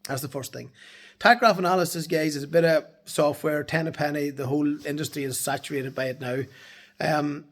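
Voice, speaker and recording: A man's voice: fairly high pitch, steady tone, brisk. A man giving a casual talk to camera from his office in the evening. He speaks bluntly and emphatically as a transport compliance consultant, swearing freely.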